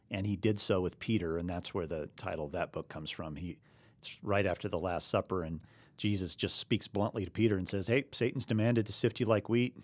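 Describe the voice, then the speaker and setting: A man's voice: deep voice, dry recording. Earnest man on a faith podcast, dry sound. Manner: earnest, explaining with chuckles. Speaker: podcast co-host. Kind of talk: casual faith discussion.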